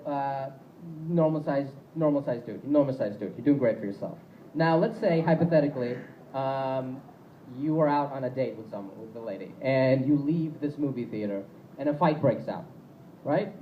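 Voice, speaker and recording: A man's voice: medium pitch, normal speed, dull audio, a little hiss or hum. A young man doing stand-up comedy on a club stage, rambling and self-deprecating, with plenty of fillers.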